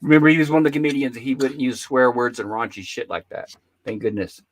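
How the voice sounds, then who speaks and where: A man's voice: mid-range voice, steady tone, fast talker, rough recording. Older man with blunt opinions. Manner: opinionated, rambling. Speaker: host. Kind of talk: casual chat, storytelling.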